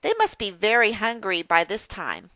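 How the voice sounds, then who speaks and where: A woman voicing a cheerful little farm girl in a primer dialogue, with bright, eager exclamations. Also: medium pitch, very animated, normal speed, no echo. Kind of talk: reading a primer dialogue aloud.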